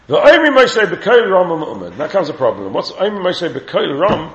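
In a lively classroom Talmud lesson, a man teaching Torah questions his students and chants the Hebrew texts he quotes. His voice is high-pitched with huge pitch swings, at normal speed. The roomy, dull lo-fi recording carries a faint hiss.

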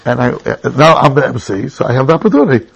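Middle-aged man, Torah teacher, husky and gravelly, lively storyteller voice. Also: fast, poor audio. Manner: animated storyteller with sudden high exclamations. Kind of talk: Torah class with personal stories.

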